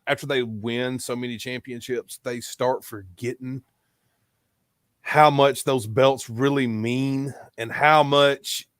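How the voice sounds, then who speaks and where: A man of middle pitch hosts a casual podcast interview. He rambles in a relaxed way, laughs and curses freely. The recording is dry and close. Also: slow, smooth, dry recording. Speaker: podcast host.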